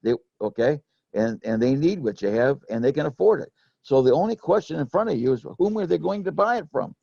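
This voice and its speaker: A man's voice: fairly high pitch, expressive, a little fast, creaky, warm tone, breathy edge, no room sound, muffled recording. A middle-aged man telling rambling, folksy stories about selling insurance, with lots of restarts. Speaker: former insurance sales manager telling sales stories. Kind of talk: casual storytelling chat.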